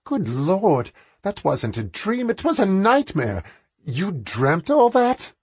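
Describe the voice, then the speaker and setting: Casual: guy doing a snappy posh lady, lively ups and downs. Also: takes it slowly, breathy edge, dry recording, exaggerated voice. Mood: brusque. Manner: exclaiming, higher voice. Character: aristocratic Englishwoman, sharp-tongued and brusque.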